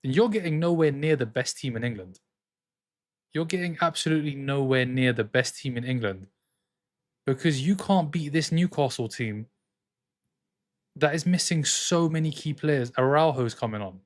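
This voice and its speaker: A man hosting a live football watchalong, reacting to the match and arguing with his chat in an excitable way. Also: mid-range voice, normal speed. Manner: excitable, jumps between commentary and arguing with chat.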